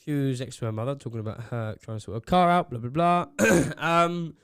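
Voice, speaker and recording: A young man co-hosting a podcast, giving excitable running commentary between laughs at a desk mic in a small home studio. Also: medium pitch, brisk, smooth, no echo. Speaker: podcast co-host. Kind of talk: casual chat.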